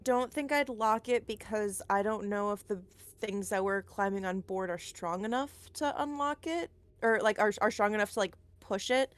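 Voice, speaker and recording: A woman's voice: mid-range voice, moderate pace, few pauses. A woman playing in a tabletop horror game, describing her character's actions in a chatty, hedging way full of "like" and "kind of". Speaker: player. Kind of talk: tabletop role-play, in and out of character.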